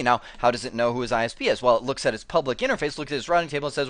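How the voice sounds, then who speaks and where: A man teaching networking at a whiteboard, animated and chatty, acting out devices in quoted voices as he explains. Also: a little high, brisk, hardly any pauses, no room sound. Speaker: networking instructor. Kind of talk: whiteboard technical lecture.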